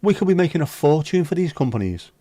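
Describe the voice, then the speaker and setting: A man's voice: a little high, big pitch swings, fast, dark tone, no echo. Jokey man chatting with viewers. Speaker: livestream host. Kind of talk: casual chat with viewers.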